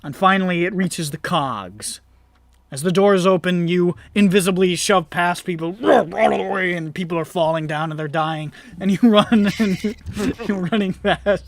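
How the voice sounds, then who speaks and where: A man's voice: sits high, a little slow, creaky. A man narrating as game master of a tabletop game, laughing often and briefly acting out passersby.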